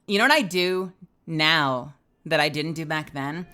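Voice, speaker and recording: Low, bright-toned woman streamer chatting. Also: a little slow. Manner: candid and self-deprecating, swears casually; rambling, with frequent fillers and restarts. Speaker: streamer and voice actor. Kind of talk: casual livestream chat.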